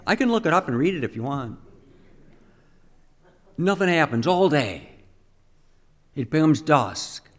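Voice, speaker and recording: A man with a somewhat high voice giving a teaching homily. He speaks conversationally, often putting questions to his listeners. He acts out the quoted speech as he goes.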